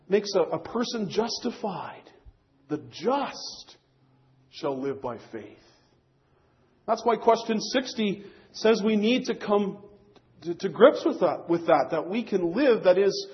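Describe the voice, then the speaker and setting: A man's voice: high-pitched, lo-fi sound. A man preaching a sermon to a congregation, earnest, repeating key phrases, with frequent restarts. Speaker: pastor.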